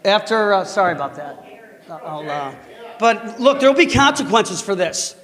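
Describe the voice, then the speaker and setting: A man, a parent, giving an angry and emotional public comment at a school board meeting, often halting for words. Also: sits high, expressive, a bit bright. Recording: hall reverb.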